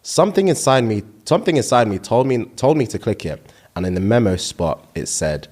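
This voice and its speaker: A man's voice: fairly low pitch, brisk. A man co-hosting a podcast in casual chat, reading out listener comments and laughing often. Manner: animated, reads comments aloud and laughs often. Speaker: podcast co-host.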